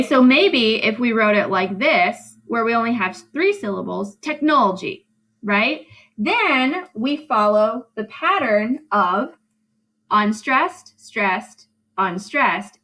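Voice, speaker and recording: A woman's voice: fairly high pitch, a bit bright, rough recording. A woman teacher giving a recorded English lesson, drawing out syllables and checking in with "right?". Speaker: high school English teacher.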